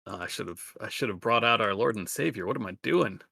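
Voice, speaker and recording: A man's voice: lowish voice, a little fast, creaky, no echo, clean studio sound. A man playing a tabletop game, joking and laughing with the others. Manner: lively, joking, laughs often. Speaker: player.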